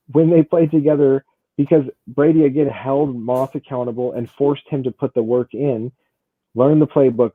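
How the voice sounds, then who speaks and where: A man co-hosting a sports podcast, rattling off numbers fast and repeating his words as he argues. His voice sits a little high. The sound is dry and tinny, like a phone line. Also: dry recording. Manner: talks fast, repeats words, stacks stats. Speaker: podcast co-host. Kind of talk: casual sports debate.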